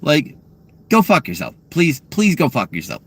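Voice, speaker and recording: A man ranting angrily and profanely from his car while answering live chat questions, swinging between loud outbursts and low muttering. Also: huge pitch swings, moderate pace.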